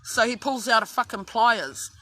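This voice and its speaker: Aussie woman, highish voice, really bright and sharp, swears nonstop while she rambles through a story. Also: normal speed. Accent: Australian. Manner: heavy swearing, rambling with many restarts. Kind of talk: casual true-crime storytelling.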